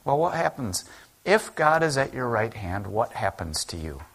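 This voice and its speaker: A male pastor delivering an earnest, conversational sermon with a gravelly edge to his voice. His pitch sits in the middle of the male range. He talks to the congregation plainly, as if chatting with them. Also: sing-song, normal speed, fairly bright tone. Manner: conversational, earnest preaching that acts out quoted speech.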